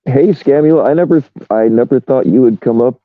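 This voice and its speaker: A man's voice: medium pitch, fairly quick, no room sound. A man hosting a livestream, wry and grumbling at his guests. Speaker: stream host. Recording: tinny phone-like dry audio.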